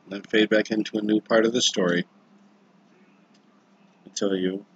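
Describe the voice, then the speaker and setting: A man's voice: on the low side, steady tone, moderate pace, a little hiss or hum, poor audio. A man casually telling an improvised story on a livestream, rambling and self-correcting, with chatty asides to viewers.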